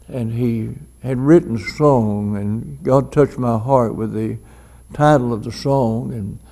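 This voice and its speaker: Gravelly preacher, folksy. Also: male voice, mid-range voice, mellow. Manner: folksy, rambling, frequent "and things". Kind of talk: informal sermon.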